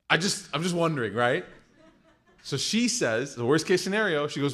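A man giving a lively, conversational sermon in a mosque, acting out the people in his stories. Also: on the high side, normal speed, long pauses. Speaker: preacher.

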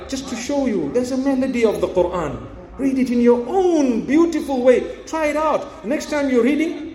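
A man with a high, light voice delivers a sermon in a roomy, echoing hall. He speaks earnestly to his audience, coaxing and encouraging them with rhetorical questions. The reverberation of the room hangs on each phrase. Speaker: Islamic preacher.

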